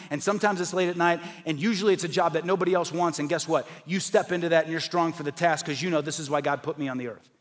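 A man with a high voice preaches to his congregation, shifting between emphatic points and relaxed storytelling. His words ring out with a long reverb off a large church hall. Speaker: pastor. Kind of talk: sermon.

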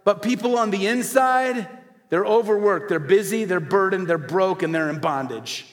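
Animated preacher man in a reverberant hall. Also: high-pitched, normal speed. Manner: animated preaching, rhetorical questions to the audience. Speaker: pastor. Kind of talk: sermon. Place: church hall before a congregation.

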